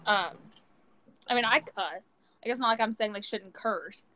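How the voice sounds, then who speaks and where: A woman's voice: mid-range voice, moderate pace, sharp tone, slight background noise, low-quality recording. A young woman co-hosting a casual chat, blunt and profane, with many filler words. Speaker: podcast co-host.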